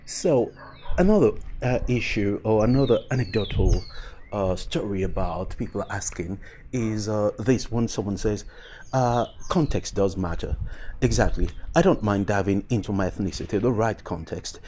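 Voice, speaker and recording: A man talking through his thoughts in a casual commentary video, pausing often with fillers and restarts. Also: on the low side, a little mellow, a little hiss or hum. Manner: reflective, with frequent fillers and restarts. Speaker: vlogger.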